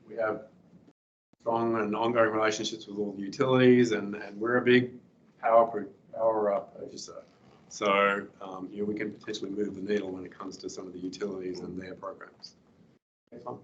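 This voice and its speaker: A middle-aged man giving a guest lecture with slides, hoarse and clearing his throat, speaking haltingly with many fillers and restarts. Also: on the low side, flat delivery, muffled recording, slight background noise.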